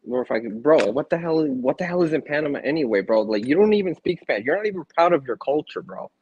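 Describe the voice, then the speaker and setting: A man from Minnesota defends his home state with sarcastic comebacks in podcast banter, his pitch sitting in a middle range. The recording is a bit dull and dry, with the top end shaved off. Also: animated, fast, a little mellow, breathy edge, no echo. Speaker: podcast co-host. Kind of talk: casual trash-talk banter.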